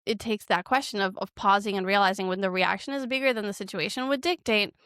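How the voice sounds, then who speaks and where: A woman therapist in her thirties or forties, chatting on a podcast and acting out quoted lines with lively shifts. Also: medium pitch, fast talker, clean tone, no room sound, studio quality. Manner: animated, acts out quoted lines. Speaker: marriage and family therapist guest. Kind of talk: casual podcast conversation.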